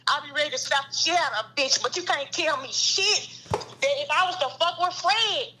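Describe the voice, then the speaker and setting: A woman's voice: high-pitched, a little fast, pushed and bright, slight background noise, poor audio. A woman in her thirties confronting a friend in a heated podcast argument, angry and profane. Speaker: guest.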